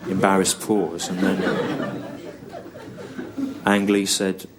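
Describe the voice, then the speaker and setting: A man in his thirties with an English accent, telling a long story on stage in a slow, halting deadpan style full of pauses and repetition. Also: low-pitched, heavy background noise. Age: 30s. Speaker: stand-up comedian. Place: comedy venue on stage with audience laughter.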